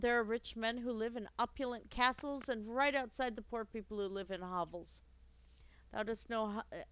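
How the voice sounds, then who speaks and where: A woman's voice: a little high, clean tone, no room sound, natural voice. Woman reading as a sweet old nanny. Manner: gently chatty, archaic speech, mildly bitter. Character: sweet elderly working-class female royal nanny. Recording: dull lo-fi dry recording.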